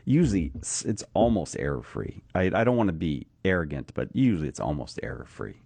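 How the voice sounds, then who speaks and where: A man's voice: extremely low pitch, sing-song, brisk, vocal fry, dark tone, slightly rough, dry recording. A man hosting a radio show, joking and self-mocking, laughing often as he bantered. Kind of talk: casual studio banter.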